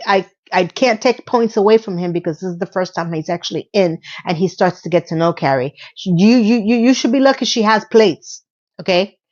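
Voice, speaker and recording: Woman vlogger, mid-pitched voice, sassy and chatty commentary style with playful asides; slightly muffled audio. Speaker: video host. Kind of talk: casual episode recap commentary.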